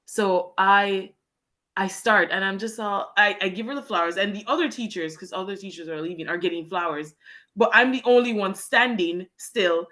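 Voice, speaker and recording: A woman's voice: mid-range voice, moderate pace, pushed and bright. A young woman from Jamaica, a guest telling a heartfelt personal story about teaching English in Japan. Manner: earnest and heartfelt, talks in long winding sentences. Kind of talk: candid personal storytelling in a podcast interview.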